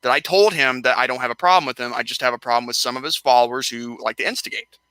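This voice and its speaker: Bright-voiced young man, rambling rant. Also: mid-range voice, fast, clean tone, dry recording. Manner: rambling, stumbles and repeats words while ranting. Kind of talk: casual live-stream chat.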